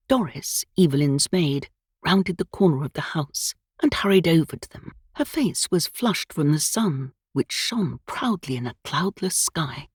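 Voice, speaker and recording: A woman reads a cosy mystery audiobook in an expressive, measured way. Her voice sits on the low side with a husky texture, and her intonation moves a lot. The sound is close and dry. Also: no room sound. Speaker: audiobook narrator. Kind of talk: scripted narration.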